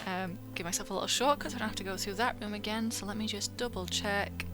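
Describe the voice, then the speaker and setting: A woman's voice: medium pitch, fairly even intonation, fast talker, over music. A woman playing a video game and talking casually over it, chatty and self-mocking, now and then swearing at the game. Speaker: gaming video host. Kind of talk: casual let's play commentary.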